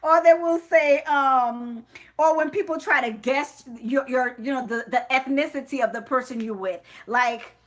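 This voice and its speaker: A woman hosting a casual chat, telling stories in an animated way with many fillers. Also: high-pitched, normal speed. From Haitian family. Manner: animated storytelling, lots of fillers. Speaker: host.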